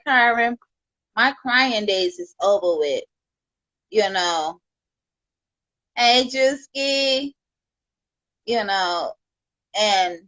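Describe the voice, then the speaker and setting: A woman's voice: fairly high pitch, fairly bright tone, no room sound, muffled recording. A woman from Chicago on a livestream, talking with heartfelt, rambling thanks to her viewers and peppering her talk with "you know". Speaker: livestream host.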